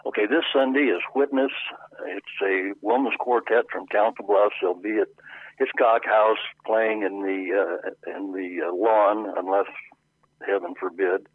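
A man on the board of a local historic house, talking as a guest in a casual radio interview by phone, with halting speech full of repeated starts. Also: lowish voice, steady tone, slightly rough, no room sound. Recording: tinny phone line.

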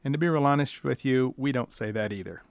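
A man's voice: medium pitch, fast, smooth, dry recording. A middle-aged man, a veterinarian, telling dry, wry stories about the questions his callers ask. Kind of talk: storytelling monologue.

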